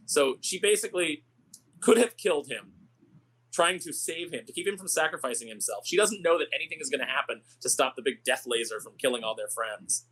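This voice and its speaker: A man's voice: on the high side, a bit bright, a little hiss or hum, rough recording. A man co-hosting a podcast, telling a story and ranting about a film in casual chat. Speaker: podcast co-host.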